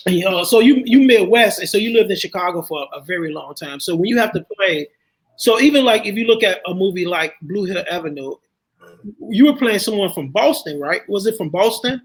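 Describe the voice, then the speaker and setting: A man's voice: sits high, lively intonation, fairly quick, rough recording. A man hosting a casual interview, framing long questions with frequent restarts. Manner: searching, restarts often while framing questions.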